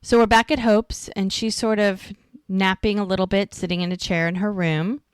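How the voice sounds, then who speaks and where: Speaking at a normal speed with a medium pitch and fairly even intonation, a woman co-hosts a podcast. Her voice is smooth as she casually goes over an episode and voices the characters' lines, and the studio sound is clean with no echo.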